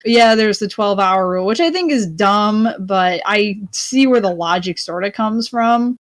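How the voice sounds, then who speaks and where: A woman's voice: mid-range voice, normal speed. Chatty woman, casual stream talk. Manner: chatty, fills her speech with "like". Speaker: livestream co-host. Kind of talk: casual livestream chat.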